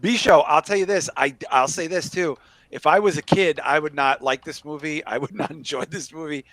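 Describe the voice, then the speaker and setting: A man's voice: a little high, fairly quick, no echo. Brief: middle-aged man, Chicago accent, podcast host, raised voice, joking and crude, dry close sound. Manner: jokey, animated, crude asides. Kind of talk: casual movie chat.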